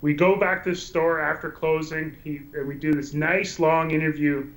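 A man in casual conversation, recounting a story with lots of restarts and filler words. His voice sits a little high and his delivery is animated. He sounds like an enthusiastic podcast guest. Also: normal speed, poor audio. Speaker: guest documentary filmmaker.

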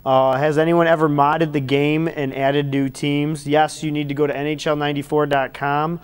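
A man's voice: a little high, flat delivery, normal speed, smooth. A man hosting a casual podcast chat, reading out viewer questions in an easygoing, matter-of-fact way.

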